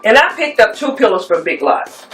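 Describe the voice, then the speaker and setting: A woman's voice: medium pitch, big pitch swings, normal speed. Chatty woman in an echoey room. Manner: chatty, rambling, addresses viewers as y'all. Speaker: home decor vlogger. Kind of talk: casual show-and-tell chat. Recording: echoey room, mic at a distance, soft music.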